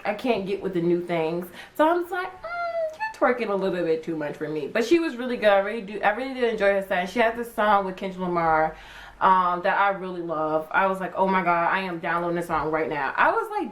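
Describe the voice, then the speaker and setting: A young woman vlogger chatting casually, acting out her own reactions with big jumps in pitch. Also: big pitch swings, fairly quick, fairly bright tone, low-quality recording. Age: young adult. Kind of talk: casual chat.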